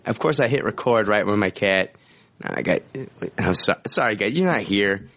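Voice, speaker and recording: A man's voice: lowish voice, animated, moderate pace, fairly bright tone. A man co-hosting a casual podcast, swearing, laughing and rambling through the banter. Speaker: podcast co-host.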